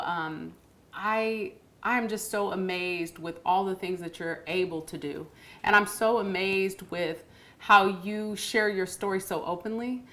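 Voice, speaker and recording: A woman's voice: mid-range voice, fairly bright tone. An American woman hosting a talk show interview, earnest and affirming, often repeating words of encouragement. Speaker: host. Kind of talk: warm conversational interview.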